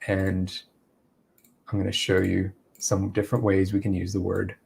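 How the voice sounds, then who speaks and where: A man's voice: low voice, completely flat delivery, normal speed, creaky, darkish tone, a little hiss or hum. A man giving a live-streamed English lesson, explaining step by step and acting out spoken examples. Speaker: English teacher.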